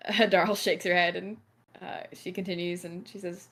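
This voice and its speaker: Woman game master narrating, bright sound, a bit low, easygoing with lots of ums. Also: moderate pace. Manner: relaxed, with frequent fillers and giggles. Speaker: dungeon master.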